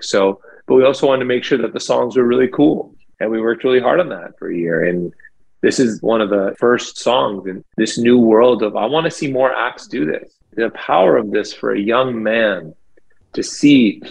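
A middle-aged man talks about his music in a relaxed interview. His voice is gravelly and slightly husky. He tells his stories with enthusiasm, in animated bursts full of fillers. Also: medium pitch, low-quality recording. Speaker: lead singer of a band, guest. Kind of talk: casual interview chat.

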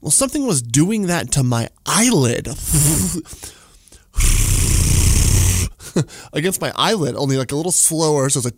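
A man's voice: a little high, expressive, unhurried, long pauses, husky, no room sound. Rambling forty-something man, dry studio sound. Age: 40s. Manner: rambling, full of "like" and chuckles. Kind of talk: casual storytelling monologue.

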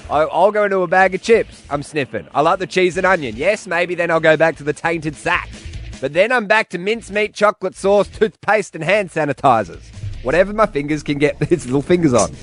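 A man's voice: a little high, animated, brisk, fairly bright tone, soft background music. A man hosting a late-night radio show, punning and laughing often.

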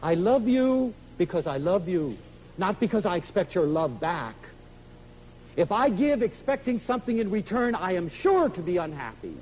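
A man giving an inspirational public lecture, emphatic and animated, acting out little dialogues as he speaks. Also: high-pitched, normal speed, a little hiss or hum, poor audio. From United States.

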